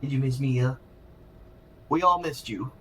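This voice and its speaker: A man's voice: medium pitch, a little slow, sharp tone, reverberant, slight background noise. A man live-streaming from home, chatting in a rambling, casual way with lots of restarts. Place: home room.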